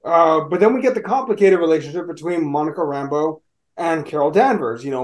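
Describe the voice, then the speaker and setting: Male podcast co-host, high animated voice, casual and profane. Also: fairly quick. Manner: animated, swears freely. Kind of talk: casual chat.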